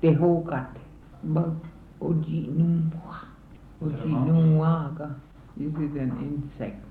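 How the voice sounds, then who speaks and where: A woman teaching a language, saying each word and phrase slowly and repeating it for learners. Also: low-pitched, a little hiss or hum. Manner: slow, careful repetition of words and phrases. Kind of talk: recorded language lesson, word drills. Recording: tinny phone-like recording.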